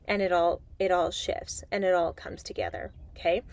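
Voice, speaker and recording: A middle-aged woman giving an animated, chatty spiritual talk as a tarot reader, swearing casually as she addresses her viewers. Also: fairly low pitch, normal speed, no room sound.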